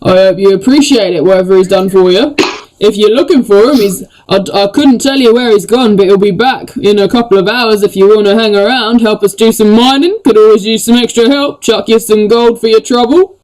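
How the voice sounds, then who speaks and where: A man's voice: high voice, a little fast, a little mellow, lightly acted, poor audio. A game master voicing a boastful, chatty male dwarf miner, folksy and repetitive. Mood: friendly boastful. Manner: eager, folksy, repeats himself.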